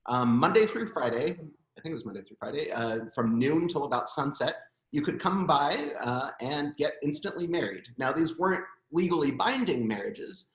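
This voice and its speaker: Lively, animated man telling stories. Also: a little high, moderate pace. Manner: animated, chuckling storyteller with many fillers. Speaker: guest musician. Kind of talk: casual interview storytelling. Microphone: video call. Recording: roomy echo.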